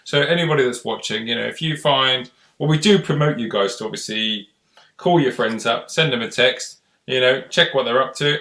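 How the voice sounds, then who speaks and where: A man's voice: mid-range voice, normal speed, a bit bright, reverberant. A man hosting a casual live-stream chat, chatty and rambling in an encouraging way. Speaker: host.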